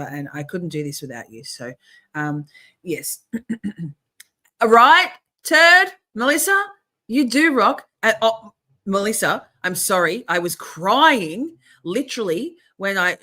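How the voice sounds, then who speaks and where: A middle-aged woman hosting a casual livestream, chatty and swearing, often clearing her throat and restarting. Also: lowish voice, a bit bright. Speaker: livestream host.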